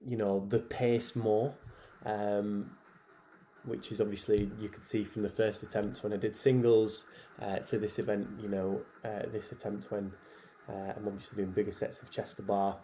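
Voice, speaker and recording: A man, head programmer and athlete, talking casually over his own workout footage in a relaxed, chatty way with many fillers. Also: lowish voice, normal speed, slight background noise.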